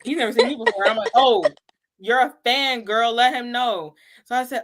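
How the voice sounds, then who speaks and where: A woman chatting casually as co-host, telling an animated story with lots of "like" and frequent laughter. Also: fairly high pitch, fairly quick, a little hiss or hum. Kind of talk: casual fan chat.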